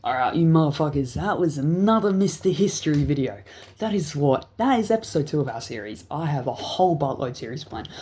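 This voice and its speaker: A man's voice: mid-range voice, darkish tone, a little hiss or hum. A young adult man, telling a rambling, profane story as a vlog host. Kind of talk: casual storytelling.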